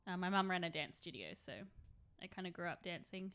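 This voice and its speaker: A woman's voice: on the low side, a little fast, a bit bright, clean tone. A woman in her thirties chatting casually on a live stream, rambling and answering chat while she paints miniatures.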